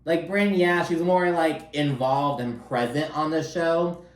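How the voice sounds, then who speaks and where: A man's voice: a little high, measured pace. A man giving a casual, profane recap of a reality TV episode, full of "like" fillers and sarcastic mock quotes. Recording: roomy echo, a bit off-mic.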